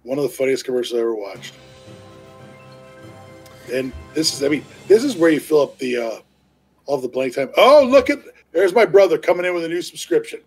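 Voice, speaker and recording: Over soft background music and poor audio, a man with a medium-pitched, slightly mellow, slightly rough voice talks animatedly and briskly, with long pauses. He's chatting casually on a live stream, telling his co-host a long, wandering story full of fillers and restarts and laughing easily.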